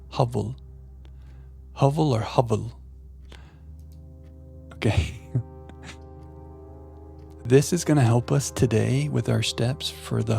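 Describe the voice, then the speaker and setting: A man streaming a puzzle game live, chatting playfully with viewers and thinking out loud. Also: mid-range voice, vocal fry. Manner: playful, chatting to viewers while musing aloud. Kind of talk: live gameplay commentary.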